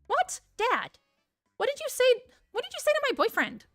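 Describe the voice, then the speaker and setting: A woman voicing a sweet young girlfriend with a soft soprano voice, speaking hastily in a game read aloud. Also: high voice, expressive, a little fast, no echo, clean studio sound, soft background music, voice pushed up. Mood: agitated. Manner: hasty, pleading, soft.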